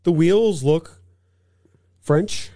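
A man's voice: fairly high pitch, drawn-out words, warm tone, dry recording, studio quality. A man co-hosting a casual car-news podcast, reading out news items and making playful asides. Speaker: podcast co-host.

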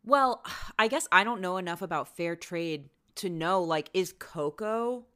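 A woman's voice: lowish voice, expressive, unhurried, bright, forceful tone, clean tone. A woman co-hosting a casual chat podcast, playful and teasing, laughing often. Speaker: podcast co-host.

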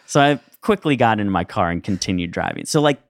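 Lively storytelling podcast man. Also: on the low side, fast talker, creaky, dry recording, studio quality. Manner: rambling, animated anecdote with laughs. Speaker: podcast co-host. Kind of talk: casual storytelling chat.

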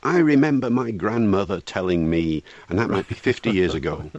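A man who wrote a book on proverbs, talking in a radio interview, chatty and laughing often, reciting proverbs slowly. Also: low voice, animated, darkish tone, no room sound, dull audio.

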